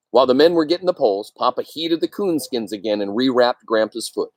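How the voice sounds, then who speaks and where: A man reading a novel aloud with expressive delivery, pausing for asides to his listeners. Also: medium pitch, no echo. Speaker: reader.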